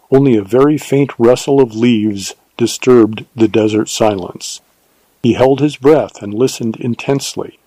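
A male narrator reading a western novel in a measured, unhurried storytelling voice. His tone is mellow and warm, and the recording is dry and close, with no room sound. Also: mid-range voice, breathy edge, no echo, poor audio. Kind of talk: scripted audiobook narration.

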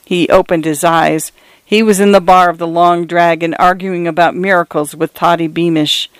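Smooth high-voiced male storyteller. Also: fairly even intonation, dry recording. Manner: measured, dramatic, with asides to the listener. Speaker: narrator. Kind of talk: scripted story narration.

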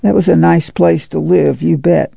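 A man voicing an excitable poor rural girl who rambles eagerly in country talk. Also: on the high side, moderate pace, creaky, breathy edge, no echo, exaggerated voice. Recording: dull lo-fi dry audiobook recording.

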